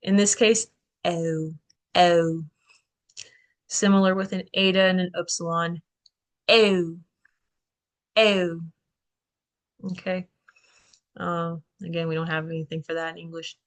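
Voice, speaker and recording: A woman's voice: on the low side, steady tone, slow pace, long pauses. A woman teaching a language class in a classroom, explaining letters and sounds and often checking in with "okay" and "right?". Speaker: Greek language instructor. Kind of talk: classroom lecture.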